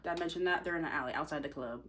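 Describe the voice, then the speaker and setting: Chatty young woman, slightly low voice. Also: racing, slight background noise. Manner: animated, chatty, slangy. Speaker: vlogger and author. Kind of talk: casual storytelling chat.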